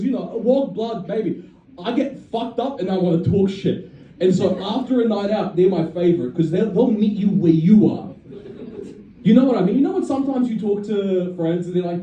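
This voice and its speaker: A man's voice: high-pitched, warm tone, muffled recording, slight background noise. A young man doing a brash, profane live stand-up set, often laughing at his own jokes. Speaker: stand-up comedian. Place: comedy venue with a live audience. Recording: distant, echoey audience recording with crowd laughter.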